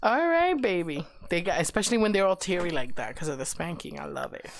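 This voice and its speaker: A woman's voice: fairly low pitch, lively intonation, brisk, creaky, noisy background. A woman hosting a live stream show, chatting casually in a giggly, teasing, playful way.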